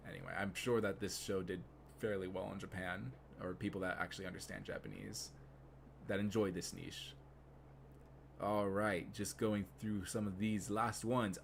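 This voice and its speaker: A man's voice: on the low side, a little hiss or hum. A young man streaming live, rambling casually with many fillers and restarts.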